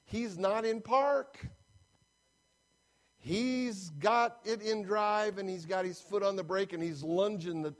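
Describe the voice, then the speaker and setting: Man, pastor, lively sermon storyteller, voice a bit on the high side. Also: slow pace. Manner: animated storyteller, acting out voices of people in his story.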